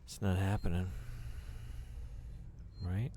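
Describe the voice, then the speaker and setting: A man's voice: low-pitched, level tone, slow, noisy background. A male streamer chatting casually with viewers while thinking aloud through a game. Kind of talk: casual live-stream gameplay chat.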